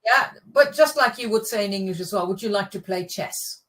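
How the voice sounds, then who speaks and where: A woman whose first language is German explains phrases in a relaxed lesson. She corrects pronunciation patiently and talks through each point in a friendly, conversational way. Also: medium pitch, a little fast. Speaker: German teacher.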